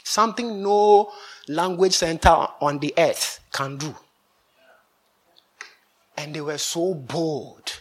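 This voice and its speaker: High-voiced preacher, laughing often. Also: male voice, takes it slowly, pauses often. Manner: lively, laughs often between lines. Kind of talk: sermon.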